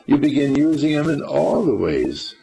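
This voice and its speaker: A man's voice: fairly high pitch, sing-song, normal speed, gravelly, mellow, slightly rough, poor audio. An older man giving an informal spiritual talk to a small group, folksy and rambling, quizzing his listeners as he goes. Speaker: spiritual teacher.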